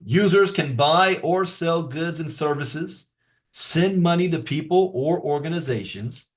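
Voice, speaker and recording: A man's voice: fairly high pitch, a little slow. A man presenting a beginner's crypto lesson, reading from notes with casual asides and emphatic repetition. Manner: explanatory, emphatic repetition for stress.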